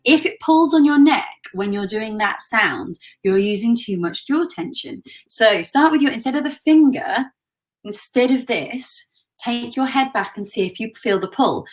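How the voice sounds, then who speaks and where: A woman vocal coach leading a live online singing warm-up in a relaxed, conversational way, breaking off to sing demonstration slides. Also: fairly high pitch, a little slow. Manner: demonstrates exercises by singing slides between instructions.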